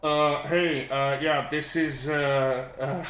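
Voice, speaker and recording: A man voicing a panicked male gate guard calling over a radio, stammering and halting. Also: a little high, steady tone, fairly bright tone, reverberant, slight background noise. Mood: urgent.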